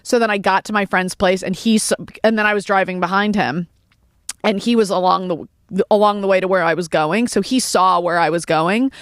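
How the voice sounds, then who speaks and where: Woman comic on a podcast, swears a lot, animated storytelling, dry close mic. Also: mid-range voice, fairly quick, dry recording. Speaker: comedian guest. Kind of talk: casual podcast chat.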